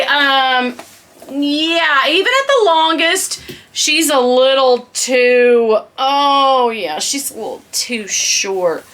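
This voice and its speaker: A middle-aged woman vlogger in a casual unboxing chat, gushing and excitable, calling her viewers "girl" and dropping into whispered asides. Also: on the high side.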